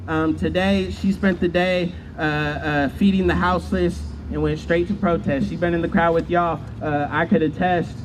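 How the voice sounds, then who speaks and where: High-voiced man firing up a protest crowd. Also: steady tone, moderate pace, few pauses. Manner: fiery, rhetorical, chants with crowd. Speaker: protest speaker. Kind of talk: impassioned rally speech. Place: outdoor street protest. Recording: loud crowd and street noise.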